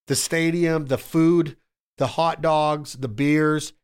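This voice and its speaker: A man in casual podcast chat, telling excited, profane stories and calling his friend "bro" and "dude". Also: fairly high pitch, takes it slowly, clear, resonant tone.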